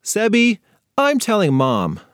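A man's voice: high voice, huge pitch swings, slow, fairly bright tone, smooth, no echo, studio quality, voice pushed up, exaggerated voice. A man voicing an exasperated young girl, the bossy older sister in a storybook for kids. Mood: patient.

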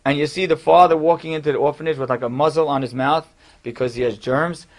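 A man's voice: on the high side, fairly even intonation, fast talker. A man, a rabbi, telling a story to his class in a conversational way with casual asides.

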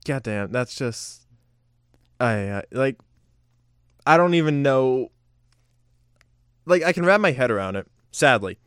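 A young man in his twenties co-hosting a podcast, chatting in an animated, joking, profane way. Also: medium pitch, measured pace, long pauses, clear, resonant tone, no echo, clean studio sound. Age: 20s. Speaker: podcast co-host. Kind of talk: casual chat.

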